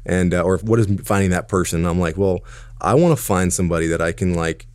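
A young man in his twenties with a very deep voice chats as a podcast guest. He rambles loosely, full of fillers and restarts. The sound is close and dry. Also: a little fast, darkish tone, dry recording. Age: 20s. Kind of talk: casual podcast chat.

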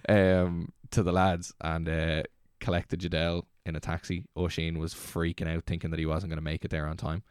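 A young Irish man in his twenties, a DJ telling a rambling, excitable story as a guest. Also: rumbling low, a little fast, few pauses, smooth, no echo, clean studio sound. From Ireland. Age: 20s. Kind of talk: casual storytelling.

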